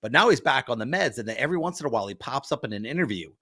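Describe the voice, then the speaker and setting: A man's voice: mid-range voice, lively intonation, rapid-fire, bright, forceful tone, no echo, studio quality. A man co-hosting a comedy talk radio show, musing in a conversational way.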